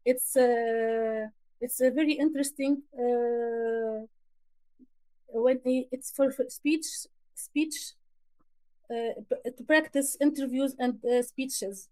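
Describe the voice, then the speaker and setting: A woman who is a community member in a casual live discussion, speaking hesitantly with many pauses, fillers and restarts. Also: a little high, steady tone, darkish tone, dry recording. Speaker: community member asking questions.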